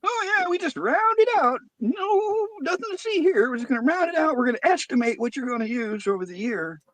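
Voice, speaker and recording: A man's voice: very high-pitched, sing-song, a little fast, fairly bright tone, no room sound, pitched above the performer's own voice, heavily acted, rough recording. A man mocking a glib utility phone rep. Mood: dismissive. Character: smug male utility company phone rep.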